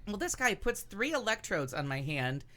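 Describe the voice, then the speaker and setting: Animated, bright-voiced woman telling a story. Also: medium pitch, normal speed. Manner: animated, swears freely, gets worked up. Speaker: co-host. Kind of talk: casual chat, telling a story.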